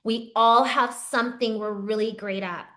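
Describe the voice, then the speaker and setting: A woman's voice: on the high side, fairly even intonation, moderate pace, bright, forceful tone. Chatty woman yoga teacher trainer. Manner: conversational, frequent "right?" check-ins, varied pace.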